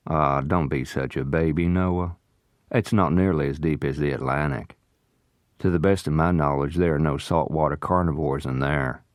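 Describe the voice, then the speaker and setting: A man's voice: extremely low pitch, normal speed, no room sound, clean studio sound. A man reading aloud voices a vengeful man who taunts his captive in a mocking drawl. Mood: taunting.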